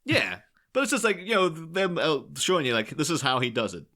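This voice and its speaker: A man co-hosting a podcast and chatting casually about a film. His voice is bright and forward, and his pitch swings widely as he rambles. He laughs often. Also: very animated, fairly quick. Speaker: podcast co-host. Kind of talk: casual film-discussion chat.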